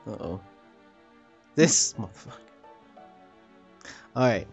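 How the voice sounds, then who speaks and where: Gravelly, swearing let's play guy. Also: fairly low pitch, lively intonation, slow, a little mellow, soft background music. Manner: profane, laughing banter. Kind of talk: casual gameplay commentary.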